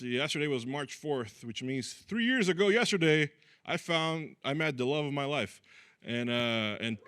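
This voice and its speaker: A man's voice: mid-range voice, bright, forceful tone, clear, resonant tone, no room sound. A man from Brazil doing a chatty, self-deprecating stand-up comedy set, acting out the people in his stories. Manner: chatty, self-deprecating, acts out quoted voices.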